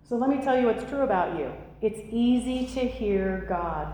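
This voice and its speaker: A woman preaching and telling stories with lively, animated delivery, putting on voices for the people in them. Her voice rings through a large hall with a long, echoing reverb. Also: fairly high pitch, normal speed. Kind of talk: sermon storytelling.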